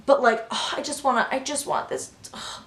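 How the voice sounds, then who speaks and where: A young woman telling a story in a casual vlog, gushing and excitable, full of "like". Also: high-pitched, normal speed. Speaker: vlogger. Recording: echoey room.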